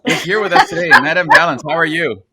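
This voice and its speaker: A man hosting a podcast in casual chat, joking and sarcastic with an animated delivery. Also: on the high side, fast talker, gravelly, very noisy. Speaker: podcast host.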